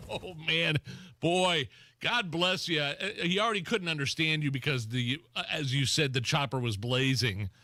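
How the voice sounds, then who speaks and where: A man co-hosting a talk radio show in an animated, laughing style. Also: fairly high pitch, normal speed, dry recording. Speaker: radio co-host. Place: radio studio.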